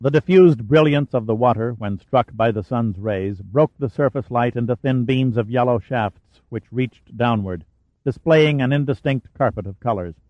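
A man narrating an audiobook in a steady, measured way. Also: mid-range voice, no room sound, muffled recording. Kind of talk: scripted narration.

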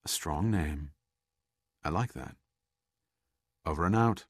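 A man voicing a resolute woman ship's purser in an audiobook, speaking with dry humor and a low voice. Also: takes it slowly, slightly rough, no echo, full character voice. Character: woman ship's purser, steady under pressure. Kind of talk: audiobook character reading.

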